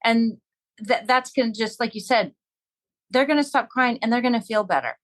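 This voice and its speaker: A woman's voice: on the high side, moderate pace, a bit bright, poor audio. A woman talking earnestly and reflectively in a casual podcast conversation.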